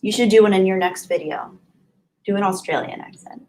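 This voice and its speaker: A woman's voice: medium pitch, brisk, a little mellow, low-quality recording. A young adult woman hosting a casual livestream, chatting and giggling as she answers viewers' comments by name. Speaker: livestream host.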